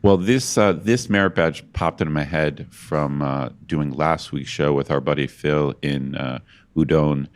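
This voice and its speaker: A man's voice: very deep voice, measured pace. A man co-hosting a podcast in casual chat, rambling and self-deprecating with lots of restarts. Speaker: podcast co-host.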